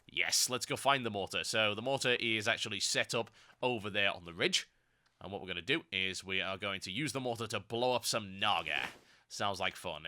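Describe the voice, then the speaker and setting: A man doing ranty, sarcastic gameplay commentary, his voice hoarse and slightly nasal from a cold. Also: on the low side, bright, forceful tone. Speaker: game commentator.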